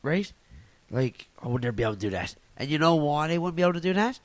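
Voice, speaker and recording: A man's voice: fairly high pitch, lively intonation, fast, slight background noise. A man with a Newfoundland accent, ranting casually and profanely into his phone at home on the couch, laughing at his own jokes. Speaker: podcast host and stand-up comic. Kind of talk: casual solo rant.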